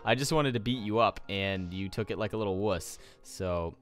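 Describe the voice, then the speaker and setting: A man's voice: on the low side, normal speed, a bit bright. A young adult man giving casual gameplay commentary, rambling with jokey asides. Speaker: let's play host.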